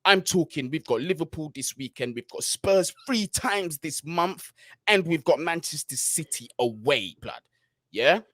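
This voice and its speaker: Host going off about his team, pretty high voice, dry close mic. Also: lively intonation, unhurried, fairly bright tone, no room sound. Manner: fired-up, slangy, keeps asking "yeah?". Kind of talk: casual football podcast chat.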